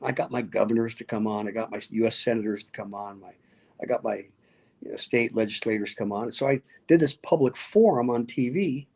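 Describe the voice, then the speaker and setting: A middle-aged man from Nevada, a pastor and speaker, tells stories in an interview. His voice is gravelly and his pitch sits in the middle. He acts out the voices of people he quotes and laughs often. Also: brisk, a little mellow. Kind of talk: animated storytelling interview.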